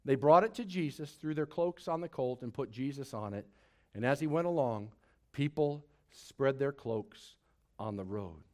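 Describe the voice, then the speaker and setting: A man preaching a Sunday sermon to a congregation, swinging between loud, drawn-out emphasis and hushed lines, with playful asides. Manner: expressive preaching, big swings in loudness and pitch, drawn-out dramatic phrases. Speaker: pastor. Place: church service before a congregation.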